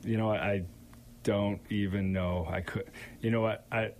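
A man on a sports radio show, casually reminiscing and hesitating as he thinks out loud. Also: fairly low pitch, steady tone, a little slow, slight background noise. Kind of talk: casual chat.

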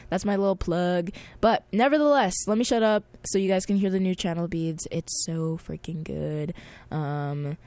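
A woman of twenty chatting casually on air as a campus radio host, excitable and full of slang and fillers. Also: on the low side, measured pace, dry recording. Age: 20s.

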